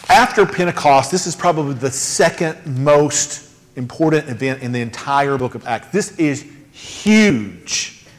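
A male pastor preaching a sermon in a conversational, emphatic way, with casual asides. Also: fairly high pitch. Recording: long hall reverb.

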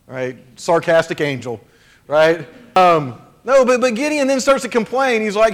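A man's voice: high-pitched, normal speed. A male pastor giving a conversational sermon, chatty and jokey, often checking in with "right?" and "okay?". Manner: jokey asides.

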